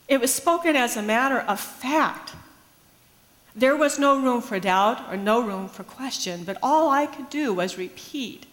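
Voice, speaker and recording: A woman pastor telling a personal faith story in an earnest, measured, reflective way. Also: high voice, fairly bright tone. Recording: long hall reverb.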